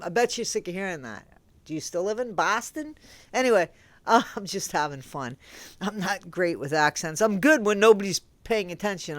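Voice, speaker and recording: A YouTube host rambles incredulously in a casual commentary vlog, speaking conversationally and directly to viewers and restarting often. The voice is mid-range, and the recording is dry.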